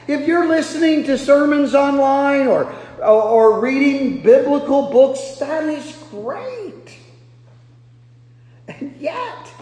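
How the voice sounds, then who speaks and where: A man from Nebraska preaches with an unusually high voice, telling stories at his own expense and now and then rising to a shout. The sound rings around a large church hall, with a long reverb trailing each phrase. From Nebraska, USA. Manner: animated, self-deprecating storytelling with sudden loud bursts. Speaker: pastor. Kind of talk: sermon.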